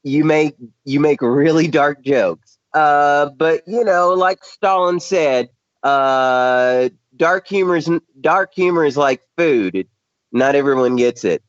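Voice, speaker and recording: A man's voice: fairly high pitch, slow, no room sound. A male radio co-host in casual chat, joking and musing wryly, over muffled lo-fi radio audio.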